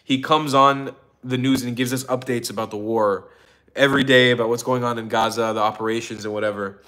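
A man hosting a casual livestream, telling stories in an excitable, profane way and laughing often. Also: mid-range voice, a little fast. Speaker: livestream host.

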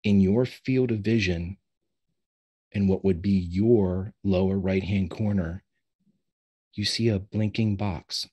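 Man as game master of a tabletop game, very low and husky, lingers on the big moments. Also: fairly even intonation, mellow, muffled recording. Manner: slows down for dramatic reveals. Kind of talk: narrating a tabletop role-playing game.

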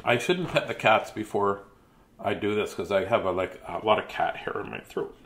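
A man's voice: on the low side, lively intonation, moderate pace, fairly bright tone. A man chatting to children and then reading a picture book aloud in a playful, sing-song way, at home.

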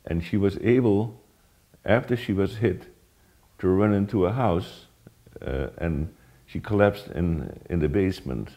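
Older man, low and mellow. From Netherlands. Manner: plain, halting storytelling with frequent "uh" pauses. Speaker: Holocaust survivor giving testimony. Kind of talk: spoken personal testimony.

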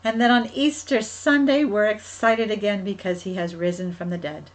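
A woman who coordinates a church's children's ministry tells a Bible story to children. She talks gently and often asks them questions directly. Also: mid-range voice, fairly even intonation, moderate pace, poor audio.

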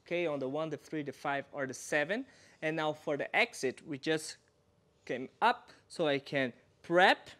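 A man's voice: on the high side, a bit bright. A man from Brazil, a dance teacher explaining moves step by step while demonstrating. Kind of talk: instructional dance lesson.

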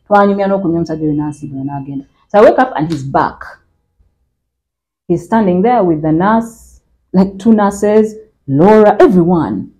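Low-voiced Ugandan woman telling a story. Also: expressive, normal speed, warm tone, low-quality recording. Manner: switches between Luganda and English, conversational. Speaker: interview guest. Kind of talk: personal storytelling in interview.

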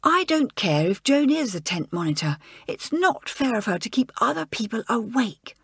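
A squeaky, sulky schoolgirl from a storybook who whines in loud, complaining whispers, as a woman narrator puts her on. Her voice climbs high and swings around, and it has a slightly husky edge. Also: sing-song, normal speed, no room sound, clean studio sound, heavily acted. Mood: peevish. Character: petulant spoiled schoolgirl complaining in a tent.

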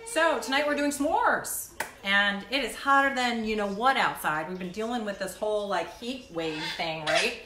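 A woman's voice: medium pitch, animated, normal speed, pushed and bright, a little hiss or hum. A woman in her thirties hosting a casual live stream from her condo kitchen, talking in a rambling, chatty way full of "like.". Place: indoors at home in a condo kitchen. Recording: echoey room.

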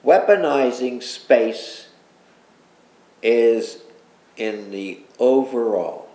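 Older male guest, low gravelly voice, earnest rambling storyteller, echoey room. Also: dark tone. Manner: earnest, rambling recollection with repeated pleas and asides. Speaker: interview guest. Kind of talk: personal storytelling in an interview. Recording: roomy echo with faint background noise.

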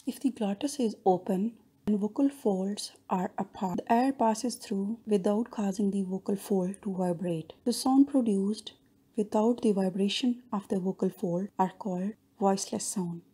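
Mellow, husky-voiced woman lecturing. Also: medium pitch, normal speed. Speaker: linguistics lecturer. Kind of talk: recorded lecture narration over slides.

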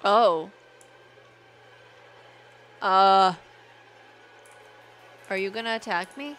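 A young woman giving excitable let's-play commentary, chatting to in-game animals and squealing when things go wrong. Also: medium pitch, very slow. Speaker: gaming video creator.

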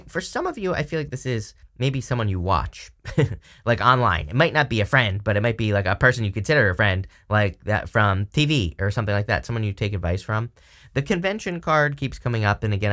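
A man giving a casual, chatty tarot reading, animated and full of fillers, laughing now and then. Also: on the low side. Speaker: tarot reader.

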